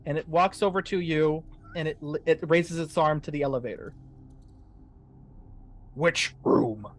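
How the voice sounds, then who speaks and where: A man running a tabletop horror game as game master, narrating scenes slowly for suspense. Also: on the high side.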